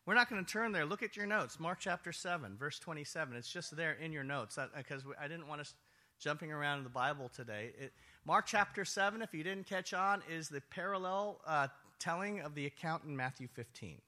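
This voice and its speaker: A man preaching a sermon, telling the story with animated storytelling and acting out voices. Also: fairly high pitch, a little fast. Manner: animated storytelling, acts out voices, laughs often. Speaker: pastor.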